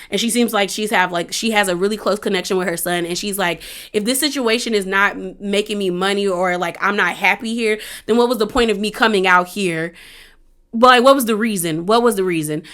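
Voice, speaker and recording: A young woman with a fairly high, bright, sharp voice gives a casual, chatty recap of a reality show. She talks in slang and acts out what the cast said, and her retelling stays animated throughout.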